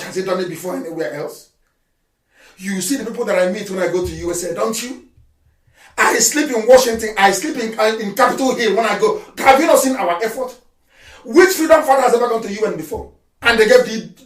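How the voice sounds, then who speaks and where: A man with a Nigerian accent giving an impassioned live radio address, fiery and mocking, often breaking into shouts. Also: high voice. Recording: roomy and distant from the mic.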